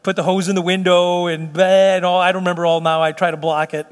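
A man's voice: sits high, steady tone, fast, few pauses. A man preaching as pastor in a church, earnest and emphatic with folksy asides, then leading a prayer. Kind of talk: sermon and closing prayer. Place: church sanctuary. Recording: long hall reverb.

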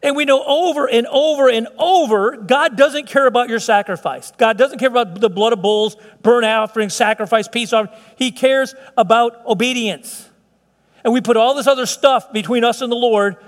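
High-voiced pastor preaching in a reverberant church. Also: male voice, normal speed. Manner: conversational, playful asides with many restarts. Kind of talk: sermon.

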